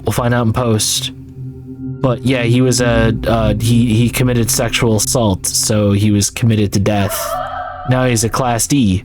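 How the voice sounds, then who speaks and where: Male gaming YouTuber, mid pitch, slow and rambling, casual cursing. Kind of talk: gameplay commentary.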